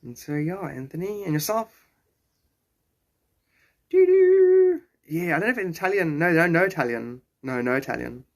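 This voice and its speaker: A man in his forties with a South African accent chats on a live stream. His voice sits a little high, and he keeps a loose, playful tone as he answers viewers' comments and jokes with them. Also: lively intonation, quick pace, gravelly, hardly any pauses, fairly bright tone. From born in Zimbabwe, raised in South Africa. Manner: chatty, joking and playful. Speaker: livestreamer.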